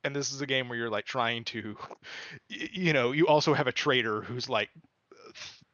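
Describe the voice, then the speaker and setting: A man's voice: medium pitch, normal speed, a bit bright, dry recording, highs cut off. A man streaming and chatting casually, explaining a game in long rambling runs full of fillers. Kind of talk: casual chat.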